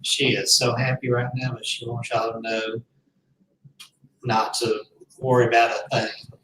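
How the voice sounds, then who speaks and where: A man's voice: medium pitch, level tone, a little slow, noisy background. Man, earnest rambling storyteller, roomy room, mic at a distance. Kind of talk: casual storytelling.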